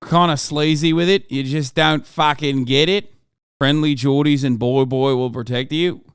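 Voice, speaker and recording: A man's voice: fairly high pitch, normal speed, smooth, no echo, studio quality. A man hosting a live stream, reacting to political clips in casual, profane, slangy commentary. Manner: animated, profane, slangy, addresses chat as bro. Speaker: streamer host.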